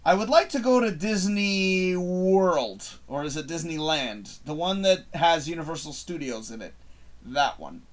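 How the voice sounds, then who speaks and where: A man's voice: a little high, animated, measured pace. Loose, swearing live-show host, man. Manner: loose and profane, laughs often, rambling asides. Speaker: live show host reading viewer questions. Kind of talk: casual live-stream chat.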